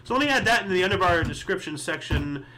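A man with a high, bright voice hosts a casual history show. He reads off dates and events, then rambles through asides full of fillers and second thoughts. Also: lively intonation, fast talker, slight background noise. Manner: rambling, thinks aloud with many fillers and asides. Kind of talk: casual solo commentary reading history events.

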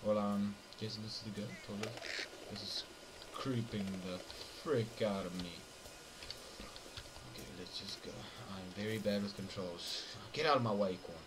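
Young male gamer, lowish pitch, jokey commentary that turns to yelps and mutters; noisy home recording. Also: steady tone, normal speed. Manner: jokey, jumpy, talks to viewers, swings between mutters and yelps. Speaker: gameplay commentator. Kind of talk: horror game commentary.

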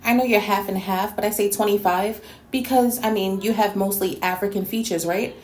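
A woman's voice: medium pitch, steady tone, moderate pace, darkish tone, echoey room. A woman from New York City delivering a scolding, sassy rant in a response video. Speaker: YouTube commentator.

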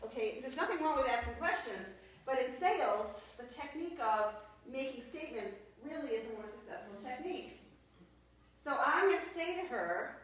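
A woman's voice: sits high, animated, moderate pace, a bit bright. A woman training a sales team in front of a group, upbeat and coaching, checking in with "okay?" as she goes. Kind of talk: sales training talk with role-play. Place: meeting room with an audience. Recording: echoey room, mic far off.

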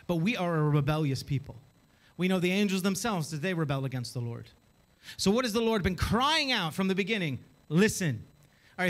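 A man preaching a sermon as a pastor, emphatic and full of rhetorical questions. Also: high voice. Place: church.

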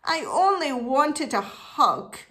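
A woman's voice: high voice, animated, takes it slowly. A woman voicing a big clumsy bear who longs for a hug, in a storybook reading, pleading and eager.

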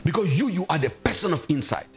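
A man's voice: fairly high pitch, sing-song, fast, faint music behind. A male pastor preaching a sermon in a church, emphatic, quizzing the congregation and acting out quoted voices. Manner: emphatic, asks the congregation questions and acts out quotes.

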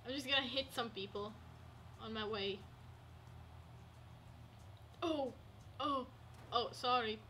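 Woman streamer, bright tone, slow unhurried delivery, chatty play-by-play, faint hiss behind. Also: a little high. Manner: chatty, talks to herself, swings from hushed to excited. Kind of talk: casual gameplay commentary.

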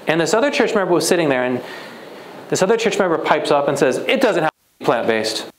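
A man's voice: on the high side, big pitch swings, brisk, reverberant, a little hiss or hum, poor audio. A young man, a guest speaker at a church retreat, telling a personal story in a conversational way and acting out the dialogue. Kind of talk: sermon storytelling.

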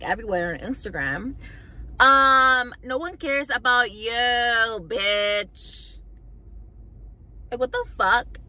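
A woman's voice: a little high, sharp tone, poor audio. A young woman vlogger telling a storytime rant to camera, heated, mocking and full of swearing.

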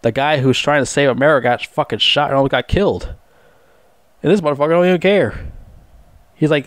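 A man's voice: fairly high pitch, expressive, fairly quick, long pauses, no room sound. A man ranting angrily to the camera in a profane, repetitive way, stammering over restarts and mocking others sarcastically. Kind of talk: angry rant.

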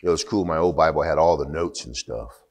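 Deep-voiced man preaching conversationally. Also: a little fast. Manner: conversational preaching, rising to emphatic bursts, asides and laughs. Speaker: pastor. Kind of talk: sermon.

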